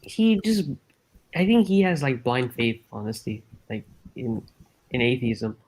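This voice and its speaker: A man hosting a live call-in discussion show, chatting casually and retelling arguments in an animated way. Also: medium pitch, measured pace. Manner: animated, mimics others with sudden shifts in loudness. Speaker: host.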